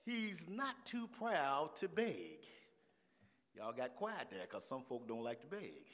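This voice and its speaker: A man preaching a sermon, moving from easy talk to shouted, rising calls and back. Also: a little high, very animated, measured pace, in a large hall. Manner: builds from talk to shouting, call and response. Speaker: pastor.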